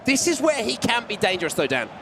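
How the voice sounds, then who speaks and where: High-voiced male play-by-play caster. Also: fast, vocal fry, over music. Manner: excitable, rising on big chances. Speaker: esports commentator. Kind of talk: play-by-play commentary.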